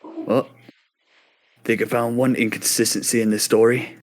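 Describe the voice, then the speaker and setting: A man playing a tabletop game, talking in a measured, matter-of-fact way with hesitations. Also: mid-range voice, flat delivery. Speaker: player. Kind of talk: casual tabletop game play.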